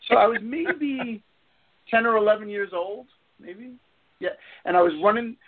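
A man's voice: sits high, lively intonation, a little slow. A man telling rambling, laughing stories in a casual podcast chat. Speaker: guest. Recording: phone-like lo-fi audio.

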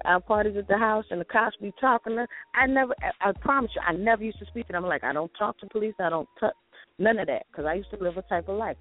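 Halting co-host, stammers and restarts, lo-fi muffled audio. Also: mid-range voice. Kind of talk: casual chat.

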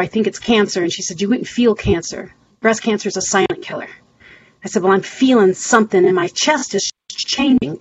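Middle-aged woman, podcast guest, earnest storytelling, quoted voices, dull audio, faint hiss. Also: medium pitch.

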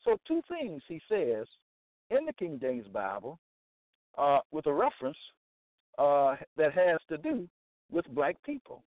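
A man's voice: a little high, wildly swooping pitch, measured pace, long pauses, no echo. A man hosting a religious broadcast, preaching on Bible passages in an emphatic, repetitive way and checking in with "okay?". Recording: tinny phone-line sound, dry.

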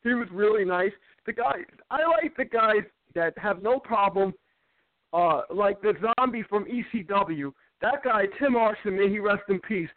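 High-voiced man rambling over a tinny line. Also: moderate pace, dry recording. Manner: rambling, stammering restarts and repeated words. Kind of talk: casual chat. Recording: tinny phone-like line, dry.

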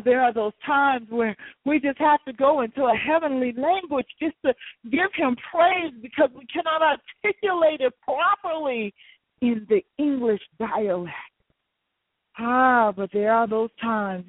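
Husky fervent prayer leader over a phone line. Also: medium pitch, no echo. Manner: repetitive, rhythmic, swells and drops in intensity. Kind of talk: fervent spontaneous prayer with speaking in tongues. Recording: tinny phone line, dry.

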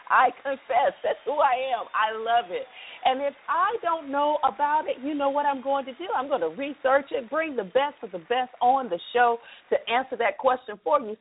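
An upbeat, chatty woman hosts her own radio talk show, speaking to listeners in a fairly high voice. Her voice arrives through a tinny, phone-like line, thin and narrow in sound.

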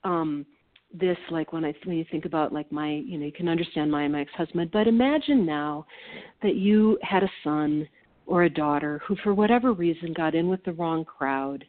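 A woman co-hosting a reflective conversation, earnest and animated, laughing often as she talks. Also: sits low, moderate pace. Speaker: co-host. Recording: tinny phone-like line.

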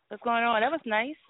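Woman, call-in co-host, rambling, excited, phone-line sound, dry. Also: on the high side, no room sound. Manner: excited, rambling, laughing often. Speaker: radio show co-host. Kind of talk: casual call-in chat.

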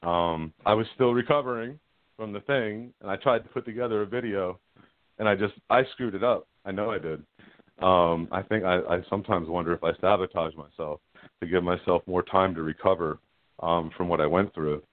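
Middle-aged guy calling in, lowish voice, rambling and frank, tinny dry phone sound. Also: normal speed, dry recording. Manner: rambling, frank, laughs at himself. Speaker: guest caller. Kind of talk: candid personal storytelling.

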